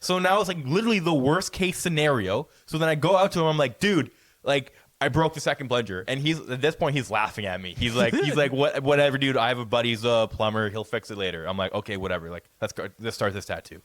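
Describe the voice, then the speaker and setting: A man's voice: medium pitch, fast talker, hardly any pauses, fairly bright tone, no echo. Man, podcast co-host, rambling story, stammering restarts, swears a lot, dry close mic. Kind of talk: casual storytelling.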